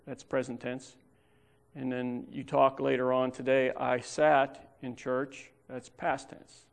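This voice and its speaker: A man preaching a sermon in church, explaining Bible verses step by step and reading scripture aloud with pauses. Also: medium pitch, vocal fry.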